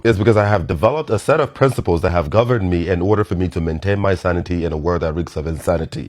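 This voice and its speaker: A man with a Nigerian accent speaks in a rapid, hard-driving monologue. His voice sits fairly low, and he delivers social commentary bluntly and emphatically, with frequent swearing. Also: a little mellow. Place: United States.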